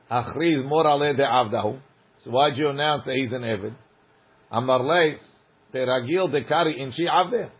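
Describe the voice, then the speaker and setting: Male Talmud teacher, husky voice, dull lo-fi recording, reads text then explains it casually. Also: medium pitch. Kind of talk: Talmud study class.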